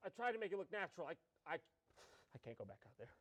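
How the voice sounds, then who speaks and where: A man's voice: a little high, sing-song, fast talker, a bit bright, no echo. A man voicing a frantic, bewildered man lost in the city, who stammers and rambles in a panic.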